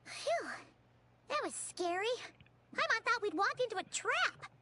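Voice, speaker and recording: A woman's voice: very high-pitched, sing-song, unhurried, noisy background, exaggerated voice. A woman voicing Paimon, a tiny, chatty, girlish floating companion in a video game who talks about herself in the third person. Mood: relieved. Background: game music.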